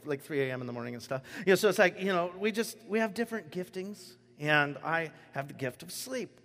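A pastor with a fairly high voice preaches a sermon in a big room. He tells a story animatedly, acting out the voices of its characters.

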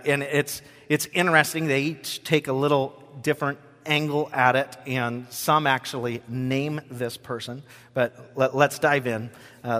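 Conversational pastor with a reverberant sound. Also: male voice, on the high side, fairly bright tone. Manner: conversational, fillers, reads scripture aloud. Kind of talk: podcast sermon.

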